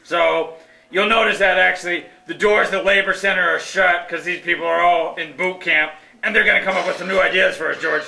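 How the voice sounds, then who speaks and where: A domineering, scheming adviser puppet from a live puppet show, voiced by a man. The voice is high and gravelly, with a bright edge, and it bounces around an echoey hall. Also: steady tone, fairly quick, exaggerated voice. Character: scheming male political adviser puppet, bossy. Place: hall in a labor center.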